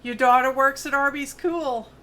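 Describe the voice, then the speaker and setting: A woman in her fifties with a New York accent hosts a craft livestream from a home studio on a farm, chatting casually with viewers as she works. She's chatty and rambling, full of friendly asides, in a high, steady, fairly bright voice at normal speed.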